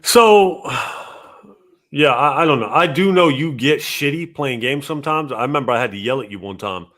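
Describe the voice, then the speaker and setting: A man's voice: medium pitch, lively intonation, normal speed, a bit bright. A man guesting on a casual podcast chat. He talks animatedly, swears and then apologizes for it.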